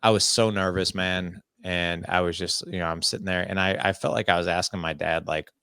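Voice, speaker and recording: Gravel-voiced man with a very low, creaky tone. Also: brisk. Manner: earnest, animated storytelling with frequent "I was like" quotes. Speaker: podcast guest. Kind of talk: candid storytelling interview.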